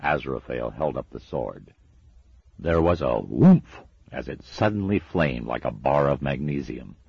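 A man narrating a storybook in a measured, dry and expressive way. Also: very deep voice, vocal fry, breathy edge, no room sound, muffled recording. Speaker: audiobook narrator.

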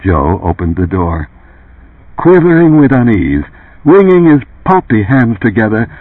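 A man narrating an audiobook with an expressive, varied delivery. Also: medium pitch, measured pace, dry recording. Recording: tinny phone-like lo-fi sound.

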